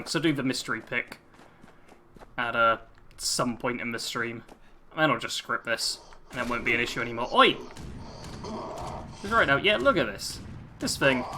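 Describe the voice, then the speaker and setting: A man's voice: mid-range voice, sharp tone, a little hiss or hum. A young British man chatting casually on a live stream while playing a game, reading viewer comments aloud and poking fun at himself.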